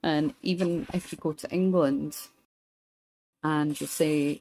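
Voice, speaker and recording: Young Scottish woman, streamer, dark warm voice, chatty and dry. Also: low-pitched, fairly even intonation, poor audio. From Scotland. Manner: chatty and wry, pausing mid-thought. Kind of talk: casual gameplay commentary, chatting with viewers.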